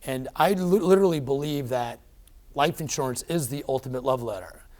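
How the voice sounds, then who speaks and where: This middle-aged man, a guest in an interview, recounts a personal story in an animated, emphatic way. His pitch is medium and his pace a bit quick, and he uses plenty of fillers and restarts.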